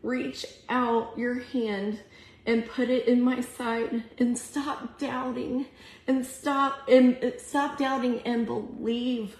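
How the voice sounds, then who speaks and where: Speaking slowly and prayerfully to women, this ministry speaker gives an earnest, emotional devotional, teary as she reads scripture. Her slightly high voice has little pitch movement and a somewhat mellow sound, recorded in an echoey room.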